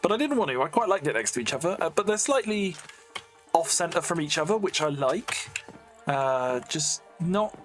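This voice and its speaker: Rambling English gamer over soft music. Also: mid-range voice. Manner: rambling, self-mocking, lots of fillers. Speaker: Minecraft YouTuber. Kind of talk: casual gameplay commentary. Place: home room with a fan running.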